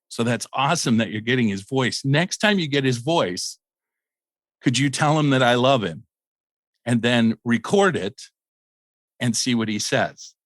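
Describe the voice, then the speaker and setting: A man, a paranormal investigator, recounting a ghost encounter in a casual, animated way, acting out quotes with many fillers and restarts. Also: mid-range voice, no room sound. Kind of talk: casual storytelling interview.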